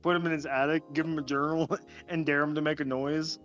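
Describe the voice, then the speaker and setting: A man's voice: fairly high pitch, flat delivery, brisk, a bit bright, highs cut off, faint music behind. A man in casual joking podcast chat, teasing and laughing often.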